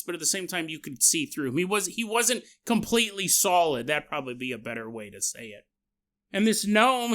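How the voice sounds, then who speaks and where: With a high voice, this podcast host spins a story casually and jokily, full of animation, acting out both the quotes and the sound effects on his own.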